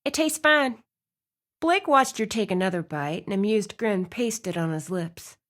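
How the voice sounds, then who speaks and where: A woman reading a romance audiobook aloud, with expressive narration. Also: medium pitch, normal speed. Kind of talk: scripted narration.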